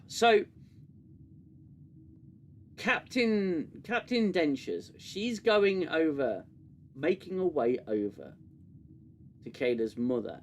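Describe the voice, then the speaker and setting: A man's voice: fairly high pitch, animated, takes it slowly, long pauses, a little hiss or hum. A man hosting a casual review chat, sarcastic and exasperated, often restarting his sentences. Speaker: podcast host.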